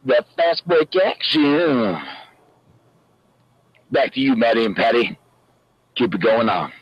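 Slow drawling Southern reporter guy, a man doing a put-on voice, husky tone, dull lo-fi phone sound. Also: medium pitch, sing-song, no echo, full character voice. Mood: hammy. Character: folksy Southern male fan correspondent. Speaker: field correspondent. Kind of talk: mock radio field report.

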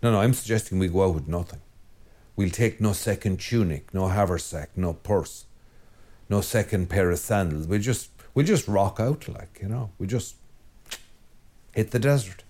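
An Irish priest delivers a Sunday homily in a conversational, wandering style, repeating phrases for emphasis. His male voice sits low and mellow, at normal speed.

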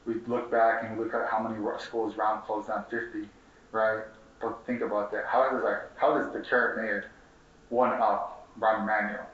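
A man's voice: on the low side, flat delivery, normal speed, fairly bright tone. A young man of Mexican heritage from Chicago, giving a passionate, profane speech as a community organizer at a conference, repeating himself and asking the audience questions. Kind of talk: impassioned activist speech. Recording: distant, roomy, dull room recording.

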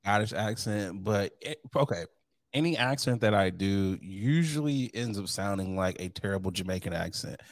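A man's voice: on the low side, lively intonation, moderate pace, dry recording, studio quality. A man hosting a casual podcast chat, joking around and laughing often as he tells stories. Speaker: podcast host.

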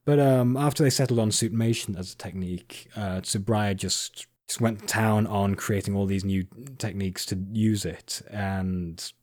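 A man's voice: lowish voice, moderate pace, few pauses, darkish tone, no room sound, studio quality. A man hosting a casual podcast chat, explaining at length with frequent fillers and restarts. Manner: rambling, many fillers and restarts. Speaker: podcast host.

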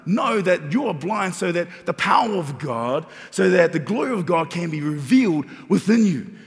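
Male pastor preaching, raspy high voice, repeats lines for emphasis, big reverberant church. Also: big pitch swings, moderate pace, faint music behind. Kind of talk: sermon. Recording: long reverb of a large hall.

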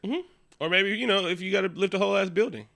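A man in casual podcast chat, retelling a movie in a lively, profane way and acting out characters' lines. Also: high-pitched, fast talker, vocal fry. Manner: animated, profane retelling with quoted character lines and frequent laughs. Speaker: podcast co-host.

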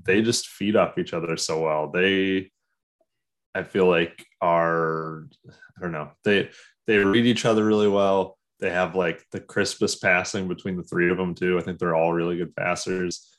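A man with a very deep voice co-hosts a laid-back sports podcast. He talks like an eager fan, with plenty of fillers as he goes. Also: moderate pace. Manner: excitable fan talk, many fillers. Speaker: podcast co-host. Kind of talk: casual sports chat.

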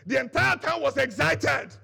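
Pastor, male, very high gravelly voice, preaching with shouted bursts, faint music underneath. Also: normal speed. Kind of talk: sermon.

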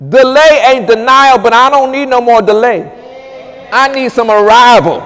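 Male preacher, high voice, swings from hushed murmurs to shouted commands, long hall echo. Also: moderate pace. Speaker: pastor. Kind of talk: charismatic sermon.

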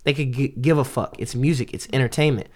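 A man in easy podcast banter, his voice sitting at an ordinary middle pitch. He talks loosely and swears freely, with slangy phrasing and plenty of restarts. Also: fairly even intonation, fast. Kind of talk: casual chat.

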